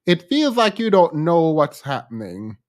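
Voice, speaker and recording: This Jamaican woman speaks with a Jamaican accent in a deep, very animated, slightly mellow voice. Hosting a reaction commentary, she pointedly picks apart a played clip, blunt and pointed but quick to laugh.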